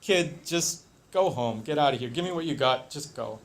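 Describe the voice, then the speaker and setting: Man doing a brash, excited Jersey cabbie. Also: medium pitch, normal speed, pitched below the performer's own voice, close to an everyday voice. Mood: gruff. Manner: excited, pushy, encouraging.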